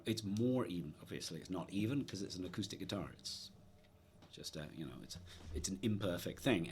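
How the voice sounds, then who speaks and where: A man's voice: sits low, a little hiss or hum. A man reviewing an acoustic guitar in a casual, musing way, wandering into asides while he talks it through. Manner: thoughtful, musing, with trailing asides. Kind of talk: casual gear review talk. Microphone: dynamic supercardioid about half a metre away.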